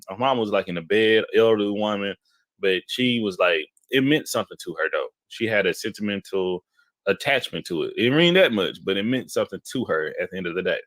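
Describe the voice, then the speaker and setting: A man's voice: lowish voice, no echo, studio quality. A young man telling a long story in casual chat, acting out the voices of the people in it. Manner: animated storyteller who acts out quotes.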